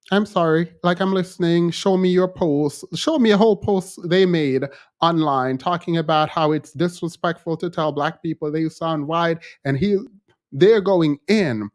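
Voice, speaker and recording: A man hosting a casual live-stream commentary, telling stories with animation and mimicking others in a raised voice. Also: on the high side. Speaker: channel host.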